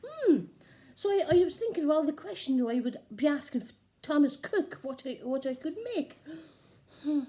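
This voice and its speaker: A woman's voice: sits high, animated, normal speed, warm tone. A woman doing a giggly, gossiping nun. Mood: giddy gossip. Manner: giggly, gossipy, chatty, with frequent asides. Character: cheeky giggly gossiping middle-aged nun. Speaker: comic character monologue. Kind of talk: improvised comic monologue.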